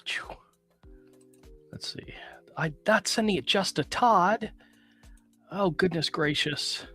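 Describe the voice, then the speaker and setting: A man hosting a casual live stream, with a slightly higher voice than most men. He rambles through stories, mocks himself and laughs often. Faint music sits under his voice. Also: slow pace, bright, forceful tone, slightly rough. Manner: rambling, self-mocking storyteller, laughs often. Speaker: podcast host. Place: small room with some echo.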